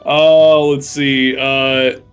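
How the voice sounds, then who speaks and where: A man's voice: mid-range voice, little pitch movement, extremely slow, clear, resonant tone, soft background music. A man narrating as game master of a tabletop game, chatty, with many fillers and frequent laughs.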